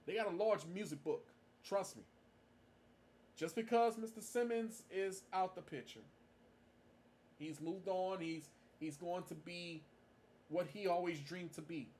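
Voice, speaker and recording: A man's voice: sits high, a little mellow. A man giving a casual tribute monologue, stressing his points by repeating them. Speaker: marching band fan vlogger.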